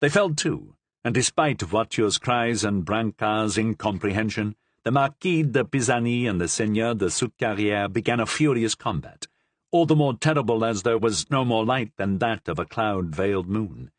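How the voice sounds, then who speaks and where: A man giving a measured, low-toned narration of a historical novel. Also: animated, no echo. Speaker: audiobook narrator.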